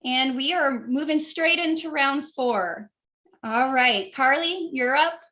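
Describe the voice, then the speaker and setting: A woman hosting a spelling bee on a video call, polite and encouraging, quick to apologize. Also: high-pitched, pushed and bright, lo-fi sound. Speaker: spelling bee pronouncer and host. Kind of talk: reading words on a video call.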